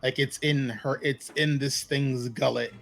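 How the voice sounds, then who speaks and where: A man's voice: mid-range voice, fairly even intonation, measured pace, gravelly, faint music behind. A man playing a tabletop game, describing his character's actions hesitantly while he thinks aloud. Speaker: player. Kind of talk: tabletop role-play.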